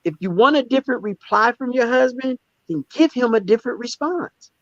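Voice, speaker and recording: A man telling candid stories as a guest in a conversational interview, emphatic and animated, often repeating words as he restarts. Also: extremely high pitch, fairly quick, no echo, dull audio. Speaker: stand-up comedian and guest.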